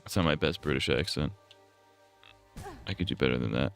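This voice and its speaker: A man's voice: a bass voice, fairly quick, soft background music. A young man casually talking to himself while livestreaming a game, rambling and swearing often. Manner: profane, rambling self-talk. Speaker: streamer. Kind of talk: casual gameplay livestream commentary.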